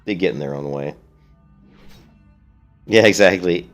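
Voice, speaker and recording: A man's voice: very deep voice, normal speed, pauses often, faint music behind. A man streaming a video game, chatting casually with viewers and answering their questions in a blunt, opinionated way. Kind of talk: casual let's-play commentary.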